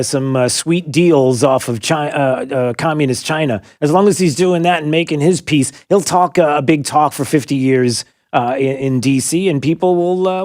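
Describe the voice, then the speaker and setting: A man's voice: fairly high pitch, darkish tone, no echo, clean studio sound. A man hosting a political call-in radio show, talking in an agitated, indignant way with many rhetorical questions and fillers. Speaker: radio talk show host.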